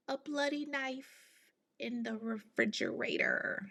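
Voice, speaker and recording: A woman hosting a podcast, telling a true-crime story in a casual, animated way, with outspoken, exasperated asides in slang. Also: fairly high pitch, slow pace, pauses often. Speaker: podcast host.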